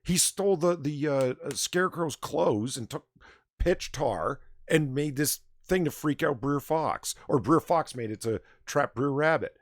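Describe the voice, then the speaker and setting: A man hosting a casual late-night livestream chat, animated and blunt, swearing and reading out viewer tips. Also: on the high side, a little slow, no echo, clean studio sound. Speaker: livestream bar host.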